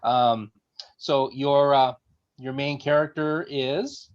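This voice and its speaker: A man's voice: medium pitch, steady tone, slow pace. A man hosting a book interview, asking questions hesitantly with fillers. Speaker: host. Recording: dull lo-fi audio.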